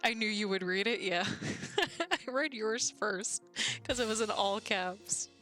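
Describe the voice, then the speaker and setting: A woman's voice: medium pitch, unhurried, a bit bright, soft background music. A woman streaming live, chatting casually with her viewers and reading game text aloud, giggling often. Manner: giggly, often laughing and reacting to chat.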